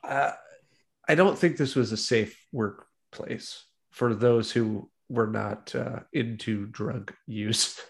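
Man co-host, mid-pitched, dry sardonic jabs, casual banter. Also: takes it slowly, gravelly. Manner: sardonic, defends the film, mock insults. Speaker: podcast co-host reviewing a film. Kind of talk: casual chat.

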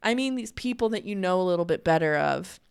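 A woman's voice: fairly low pitch, animated, quick pace, vocal fry, smooth. A young woman in a casual, candid monologue, chatty and full of "like" fillers. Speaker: podcast host.

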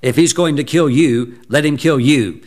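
A man voicing a stubborn, defiant wife in a retold sermon story, pitching his voice higher. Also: moderate pace, a little mellow, close to an everyday voice. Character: stubborn excited wife, adult woman.

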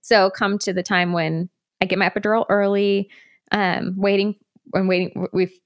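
A woman's voice: medium pitch, flat delivery, normal speed, smooth. A woman in her thirties telling a personal story in a candid, rambling way, with laughs along the way. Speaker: guest.

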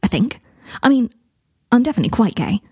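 A woman voicing an awkward, earnest young man who talks in a hesitant, hushed way in a storybook reading. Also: on the high side, sing-song, fast, husky, dry recording, studio quality, pitched above the performer's own voice, heavily acted.

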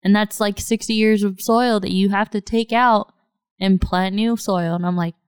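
A woman in casual chat, telling animated stories full of "like" and acting out what others said in a higher voice. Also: normal speed, smooth, no room sound, clean studio sound. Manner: animated storytelling, lots of "like", acts out quotes in a higher voice.

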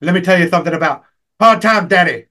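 Man putting on a boastful wrestler, raspy shouting, high and loud. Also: fast.

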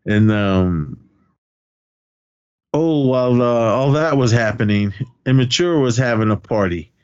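A man's voice: medium pitch, a little slow, clean tone, highs cut off. A man co-hosting a podcast, recapping movie scenes in casual chat, laughing often and acting out lines of dialogue. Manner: animated, acts out lines of dialogue. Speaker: podcast co-host.

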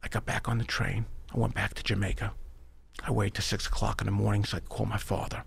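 A middle-aged man from New York with a New York accent, a podcast guest telling his life story in an animated, emphatic way. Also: fairly low pitch, quick pace, creaky, slightly rough. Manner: animated, emphatic, addresses the host by name. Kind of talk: storytelling in a conversational interview.

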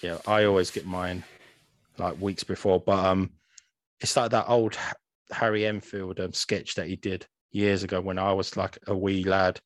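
Laid-back guy, low and dry. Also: little pitch movement, moderate pace, no room sound. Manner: laid-back, sweary, says "man" a lot. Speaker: podcast co-host. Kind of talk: casual chat. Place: home room, green-screen beach backdrop.

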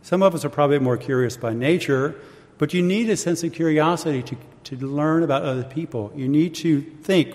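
A man preaching a sermon in a measured, reflective way, with conversational asides to his congregation. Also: fairly high pitch, a little mellow. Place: church hall. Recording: long reverb of a hall.

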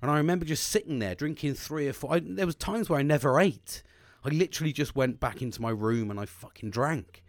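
A man, speaking in a candid personal monologue, halting and repeating words, swearing often. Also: on the high side, no room sound. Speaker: vlogger.

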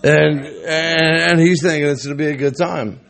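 A man's voice: a little high, normal speed, creaky, a bit bright. Rambling, swearing podcast storyteller man. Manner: rambling, repeats words, swears. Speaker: podcast co-host. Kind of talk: casual storytelling.

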